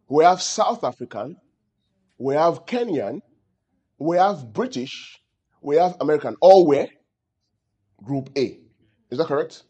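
A man's voice: fairly high pitch, mellow, husky, lo-fi sound. A man preaching a teaching sermon, often asking his congregation questions. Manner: calls out questions to the audience. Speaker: pastor.

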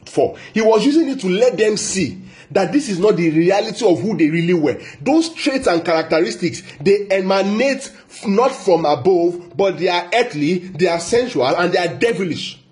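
A man with a fairly high voice delivers a Bible teaching sermon. He talks emphatically, repeats his key phrases and keeps asking rhetorical questions. He slows right down whenever he quotes scripture. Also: expressive, darkish tone. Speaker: preacher.

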